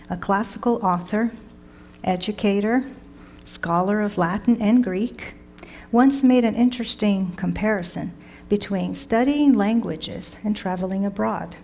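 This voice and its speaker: Slow, enthusiastic woman teaching Latin words. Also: mid-range voice, a little mellow, a little hiss or hum. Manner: enthusiastic, coaxing, playful asides. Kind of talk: classroom vocabulary lesson.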